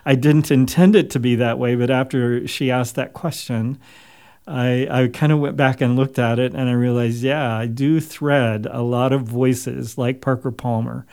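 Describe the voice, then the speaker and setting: A man being interviewed as an author, speaking in a thoughtful, measured way with frequent pauses. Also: medium pitch, fairly even intonation, darkish tone. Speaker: author and guest. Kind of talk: reflective interview talk.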